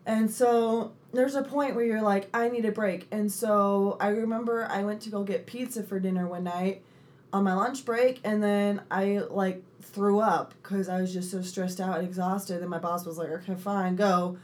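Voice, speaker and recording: A young woman co-hosting a casual chat, telling animated stories, swearing freely and acting out the people she quotes. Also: medium pitch, moderate pace. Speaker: podcast co-host.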